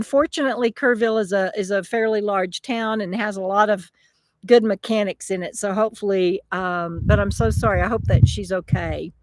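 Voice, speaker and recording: A woman's voice: mid-range voice, no echo. A middle-aged woman, chatting casually outdoors by a wooded river while reading viewer comments, rambling with many fillers and laughs. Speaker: channel host.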